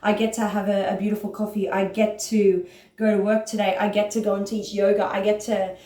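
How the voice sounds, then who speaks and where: A woman who teaches yoga and writes, talking casually and earnestly to her followers about self-compassion, at times rushing with excitement and then slowing herself down. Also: mid-range voice, reverberant. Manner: excited, earnest, speeds up and slows down.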